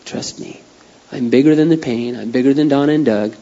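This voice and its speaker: A man preaching voices a gentle, fatherly God comforting a son in a soft, half-whispered tone. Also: medium pitch, fairly quick, natural voice. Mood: tender. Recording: dull lo-fi sound.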